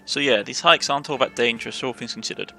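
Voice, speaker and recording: A man's voice: mid-range voice, quick pace, vocal fry, pushed and bright, faint music behind. A man with a Cornish accent voicing a bold, adventurous young woman who hunts monsters, talking in a chatty, reassuring way with stumbling restarts.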